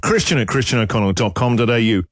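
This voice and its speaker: A man's voice: medium pitch, quick pace, husky, dry recording, clean studio sound. A man from England hosting radio, playfully reading out misheard lyrics, laughing often and singing snippets. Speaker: radio host. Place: radio studio. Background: music.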